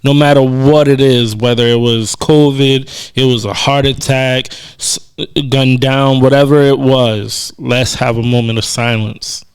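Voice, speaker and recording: A man's voice: medium pitch, level tone, unhurried, clean tone. A man co-hosting a podcast, talking in an earnest, reflective way with many casual fillers. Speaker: podcast co-host.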